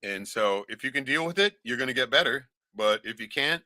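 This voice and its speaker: Blunt, foul-mouthed man, bright dry voice. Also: medium pitch, lively intonation, a little fast, no echo. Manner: swears constantly, blunt storytelling with lots of "right?". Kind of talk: casual profane chat.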